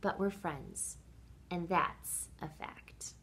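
A woman voicing an eager, excitable young female bat in a read-aloud storybook, squeaking in a high bright voice. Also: drawn-out words, slight background noise, heavily acted. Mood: gentle.

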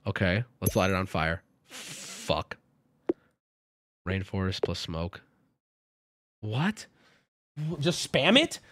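A man's voice: sits low, big pitch swings, takes it slowly, long pauses. Wildly swinging streamer man swearing. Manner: swears often, talks through moves out loud, with sudden yelps. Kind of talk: live-streamed game commentary.

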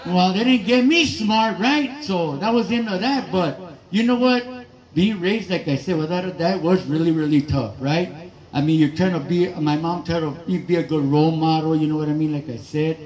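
A man's voice: fairly high pitch, darkish tone, low-quality recording. A man from East Los Angeles, doing a loose, rambling stand-up set with asides to the crowd. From East Los Angeles, USA. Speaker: stand-up comedian and emcee. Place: garage.

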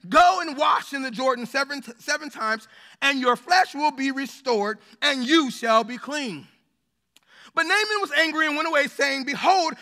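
High bright-voiced man preaching in a hall. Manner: impassioned, building to shouts, with jokey asides. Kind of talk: sermon. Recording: long hall reverb.

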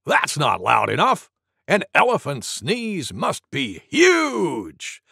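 A storybook narrator voicing a gruff female wild boar who grunts and shouts. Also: medium pitch, sing-song, slow pace, no room sound, clean studio sound, pitched below the performer's own voice, exaggerated voice.

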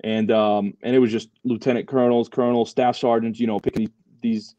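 A man's voice: mid-range voice, level tone, a little fast, warm tone, no room sound, highs cut off. A young man, a Marine veteran, telling his story as a podcast guest, loose and full of fillers and swearing. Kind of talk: casual storytelling interview.

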